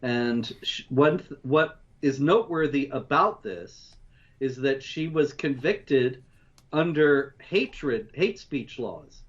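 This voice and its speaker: A man co-hosting, running through news stories in a measured, steady way. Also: mid-range voice, muffled recording. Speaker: co-host. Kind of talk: news rundown commentary.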